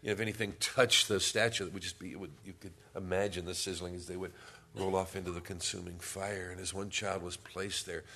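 A man with a fairly low voice preaches a sermon. He tells a story, jokes with the congregation, then reads scripture aloud in a booming, forceful voice. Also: fairly even intonation, a little fast, a little hiss or hum. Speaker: pastor.

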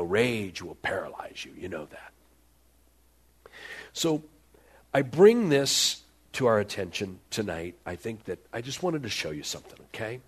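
A man's voice: lowish voice, big pitch swings, a little slow, slightly rough. A man preaching a sermon at a church service, telling the story dramatically and acting out the voices of the people in it. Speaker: pastor.

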